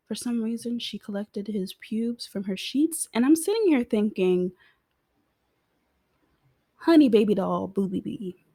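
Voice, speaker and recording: A woman's voice: mid-range voice, no room sound, studio quality. A young American woman giving a casual, rambling TV recap, giggling and swearing freely as she talks. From United States. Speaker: TV show reviewer.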